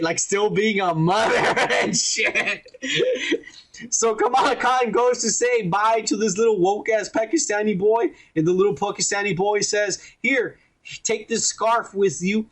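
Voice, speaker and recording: A man with a fairly high voice talking casually on a podcast. He rambles and swears his way through a story, slipping into quick voices for each character. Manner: profane, rambling, animated retelling with quoted voices. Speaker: podcast host reviewing a TV episode.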